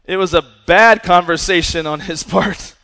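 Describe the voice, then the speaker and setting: A man preaching to young people, energetic and conversational, often asking "right?" and saying "listen". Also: sits high, moderate pace, in a large hall. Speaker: youth pastor.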